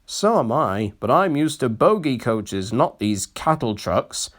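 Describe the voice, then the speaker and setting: A man's voice: mid-range voice, big pitch swings, unhurried, fairly bright tone. A man voicing a haughty, sulky male steam engine in a storybook reading, grumbling and conceited.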